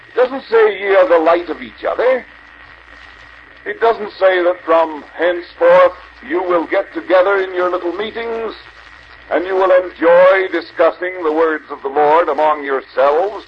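Older male preacher, fervent exhortation, lively pitch, muffled archival tape. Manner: earnest exhorting, rhetorical questions. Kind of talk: convention sermon. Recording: dull archival recording with faint hiss.

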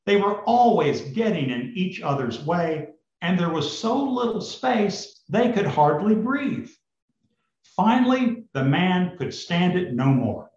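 A man's voice: fairly high pitch, darkish tone. A male preacher telling a fable in his sermon, in a storytelling manner and addressing the congregation. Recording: roomy, slightly dull recording.

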